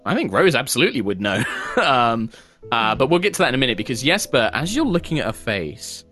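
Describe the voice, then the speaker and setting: A man's voice: a little fast, faint music behind. A man narrating as game master of a tabletop game, descriptive and filler-heavy. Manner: descriptive, many fillers, expressive pitch.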